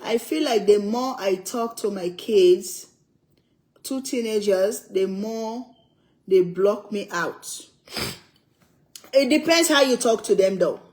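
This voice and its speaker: While eating, an older African woman who vlogs about cooking talks casually and with emphasis, going back over her points and laughing a lot. Her mid-range, darkish voice has lively intonation, and she speaks slowly and pauses often, in a rough recording.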